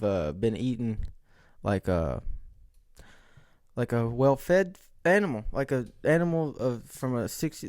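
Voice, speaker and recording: A young man with a raspy voice, rambling jokingly and mocking himself while hosting his own podcast. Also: medium pitch, darkish tone, no room sound, studio quality. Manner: rambling, jokey, self-mocking. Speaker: podcast host. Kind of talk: casual solo chat.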